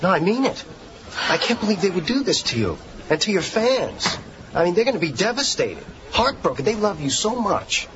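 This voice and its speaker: A man's voice: high voice, big pitch swings, moderate pace. An actor playing an eager, naive young male actor who talks in an eager, stammering way. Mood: sympathetic. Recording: dull TV audio with background noise.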